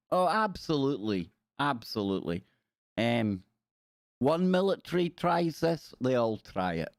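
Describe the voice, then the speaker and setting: A man's voice: mid-range voice, darkish tone, no room sound. A man hosting a casual livestream, reading articles aloud and breaking off into playful jokey asides. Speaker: livestream host.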